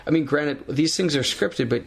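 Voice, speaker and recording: A man co-hosting a podcast in casual chat, talking in a measured, hedging way. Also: on the high side, creaky. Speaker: podcast co-host.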